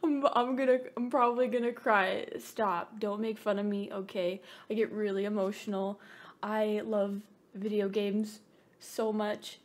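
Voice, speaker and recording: A young woman vlogging an excited unboxing, bubbly and gushing, rambling with self-mocking asides and over-caffeinated giddiness. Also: medium pitch, measured pace. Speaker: gaming vlogger.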